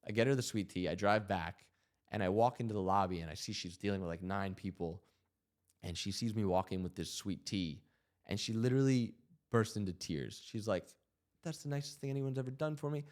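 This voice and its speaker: A man in his thirties with a very low, deep voice speaks earnestly on a podcast. He reflects as he tells his story, leaning on "you know" and "like" as he goes. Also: a little fast. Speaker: podcast host.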